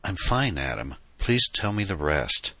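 An excitable young woman , put on by a male audiobook reader, pours out her story in a breathless rush. The voice is lifted from a very deep base, bright and forward in tone. The recording is dry and close. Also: dry recording, heavily acted. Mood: subdued. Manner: breathless, rushed telling. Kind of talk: audiobook character reading.

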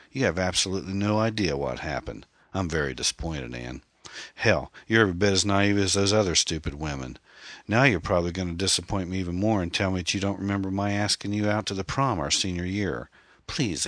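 A man's voice: low voice, fairly quick, fairly bright tone, dry recording. A man voicing a menacing male killer who taunts his captive in a hillbilly twang, hissing and sneering. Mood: mocking.

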